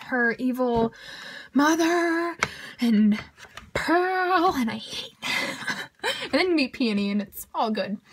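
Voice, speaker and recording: A young woman reviewing books in a casual vlog, bubbly and gushing, with quick asides and frequent giggles. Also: fairly high pitch, a little hiss or hum. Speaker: book reviewer.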